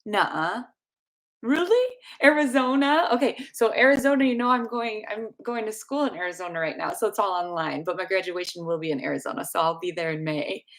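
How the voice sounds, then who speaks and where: A woman's voice: medium pitch, fairly quick. A young woman from the Chicago area with a Chicago accent, chatting casually and rambling with restarts as she hosts a livestream Q&A. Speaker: dental hygiene channel host. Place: home room with space heater.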